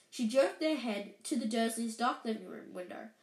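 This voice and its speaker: A woman's voice: on the high side, animated, moderate pace, gravelly, hardly any pauses, a little mellow. A woman reading a story aloud, with small slips and restarts. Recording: roomy echo.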